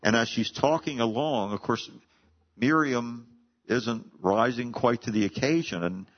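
A man's voice: mid-range voice, measured pace, lo-fi sound. A man preaching a sermon as pastor, explaining scripture earnestly and reading verses aloud with rising emphasis.

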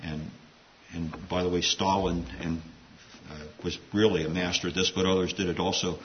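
A man's voice: low-pitched, little pitch movement, fairly quick. A man preaching a sermon in a conversational, digressive way, with asides. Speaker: pastor. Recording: dull lo-fi sound with faint hiss.

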